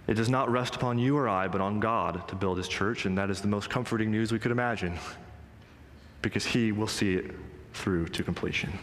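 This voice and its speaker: A man preaching a sermon to a congregation, earnest and emphatic, slowing down to stress quoted lines. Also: lowish voice, a bit bright. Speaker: pastor. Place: church sanctuary. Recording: long hall reverb.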